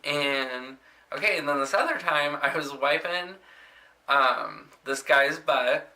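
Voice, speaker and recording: A young man with a fairly high voice speaks slowly, swapping stories from his job as a nursing assistant in a casual vlog. He rambles along chattily, stuffing his talk with "like" and "um," and acts out patients in loud, exaggerated voices.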